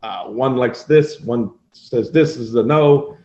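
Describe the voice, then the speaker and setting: A man hosting a podcast, talking in a relaxed, rambling way with lots of "you know." His voice sits mid-pitch in an echoey room on a dull, lo-fi recording. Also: takes it slowly. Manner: relaxed storytelling with fillers. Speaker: podcast host, assisted living operator. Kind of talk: casual interview chat.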